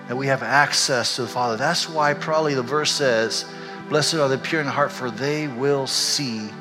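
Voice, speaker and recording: An older man, a pastor, telling a candid and emotional personal story in a sermon, animated as he goes. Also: mid-range voice. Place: church sanctuary. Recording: echoey hall.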